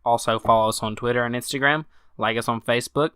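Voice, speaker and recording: A man co-hosting a casual video chat, talking in a halting way with frequent restarts. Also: mid-range voice, smooth, no room sound, studio quality. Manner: halting, restarts often, relaxed. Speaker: co-host.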